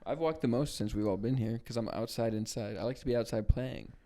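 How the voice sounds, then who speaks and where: A young man co-hosting a casual podcast, an animated storyteller who mimics coworkers and laughs often. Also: mid-range voice, fairly quick, a little hiss or hum. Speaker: podcast co-host. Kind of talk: casual chat.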